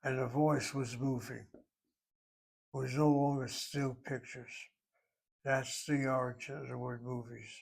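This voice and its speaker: A man teaching a Hebrew class, explaining grammar in a deliberate, step-by-step way and sometimes thinking aloud. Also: medium pitch, flat delivery, vocal fry, breathy edge.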